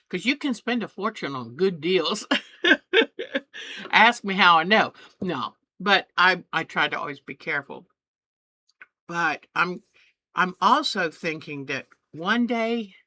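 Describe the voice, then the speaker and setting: Slow-talking chatty older quilter woman. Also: lowish voice, sharp tone. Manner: rambling and homey, with many fillers and restarts. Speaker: quilting channel host. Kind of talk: casual chat.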